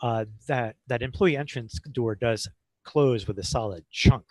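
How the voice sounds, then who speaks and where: A man with a husky voice running a tabletop game, calmly explaining rules and setting scenes. The sound is dry and close, with no room around it. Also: medium pitch, unhurried, no echo. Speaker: game master.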